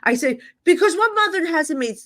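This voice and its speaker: A woman guest, a psychic medium, telling stories in a casual interview and acting out the dialogue with quick asides. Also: extremely high pitch, expressive, fairly bright tone.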